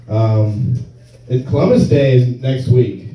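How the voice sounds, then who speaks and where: A man's voice: mid-range voice, animated, normal speed, noisy background. A male stand-up comedian working a small crowd, loose and laughing, slipping into mock voices. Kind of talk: stand-up set with crowd work. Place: small comedy venue with audience. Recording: far-off echoey room, dull lo-fi sound.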